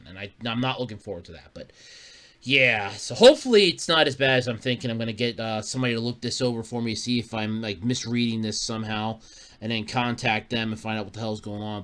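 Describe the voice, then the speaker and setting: A man chats loosely as host of his own podcast and drifts from one story to the next. His voice is bright and forward. He swears offhandedly and chuckles often. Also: medium pitch. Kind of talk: casual solo podcast chat.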